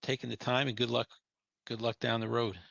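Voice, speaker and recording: A man's voice: mid-range voice, flat delivery, brisk, vocal fry, a bit bright, no room sound. Laid-back guy interviewing folks, dry and kinda muffled audio. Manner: easygoing, prompting questions, laughs along. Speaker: interviewer, team executive. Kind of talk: interview hosting. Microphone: video call. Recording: dry, dull video-call audio.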